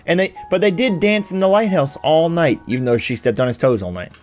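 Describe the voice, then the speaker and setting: Hosting a let's play for his gaming channel, a man casually recaps the story and makes wry jokes as he plays. His fairly high voice is expressive, fairly quick and a little mellow, with soft music in the background.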